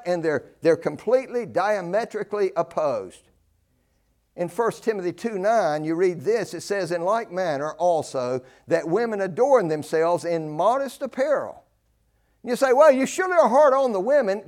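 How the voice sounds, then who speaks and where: An older man with a high-pitched voice preaches a sermon emphatically. He repeats key phrases and swings between loud declarations and hushed asides.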